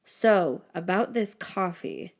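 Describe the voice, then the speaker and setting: A woman's voice: on the low side, expressive, takes it slowly, full character voice. A woman voicing a wary young man who mutters dry remarks.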